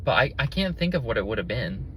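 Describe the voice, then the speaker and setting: Hosting a solo podcast from his car, a man chats casually, earnestly and enthusiastically, rambling with lots of fillers and restarts over faint road noise. His medium-pitched voice is sharp, very animated and fast, and the audio is poor.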